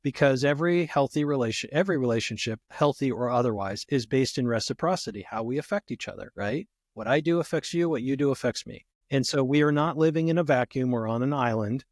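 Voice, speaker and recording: A man's voice: mid-range voice, fast, few pauses, no room sound, studio quality. A man speaking as a guest therapist in a conversational podcast interview, reflective and full of "you know" fillers.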